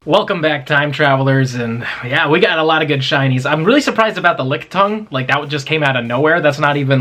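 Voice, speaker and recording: A young man vlogging his mobile game hunt in a chatty, excitable way, talking straight to his viewers. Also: on the high side. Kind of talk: casual gameplay vlog.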